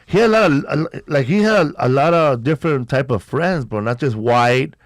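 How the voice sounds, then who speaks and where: In a dry, studio-quality recording, a man talks in an animated voice, a little fast. As host of a casual podcast, he spins stories in a laid-back, slangy, low-key manner.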